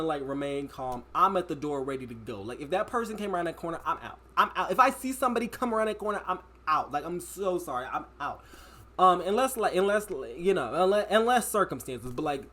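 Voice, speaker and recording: A man's voice: on the high side, bright, forceful tone. A young man vlogging, telling a dramatic story in a casual, slangy way.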